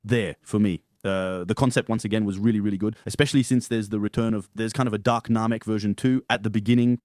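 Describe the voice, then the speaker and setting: Blunt, opinionated man, lowish voice. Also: fairly even intonation, fast talker, a little mellow, no echo, studio quality. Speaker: podcast co-host. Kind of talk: casual chat.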